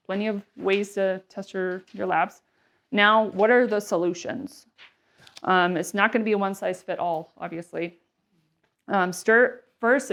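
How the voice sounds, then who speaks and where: A woman in her thirties or forties gives a relaxed health talk as a nurse practitioner. She rambles a little, stacks fillers and asides, and slips into short quoted voices for the listener. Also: medium pitch, creaky. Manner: chatty, many fillers and asides, acts out quotes. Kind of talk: casual health presentation.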